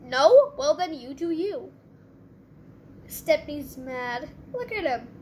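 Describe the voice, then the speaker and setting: A woman hosting her channel, giving excitable gameplay commentary with quick reactions. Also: sits high, a little hiss or hum. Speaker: channel host.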